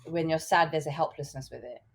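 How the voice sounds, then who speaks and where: Low-pitched woman co-host, blunt and animated, casual podcast chat. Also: a little fast. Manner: frank, blunt and animated, with swearing.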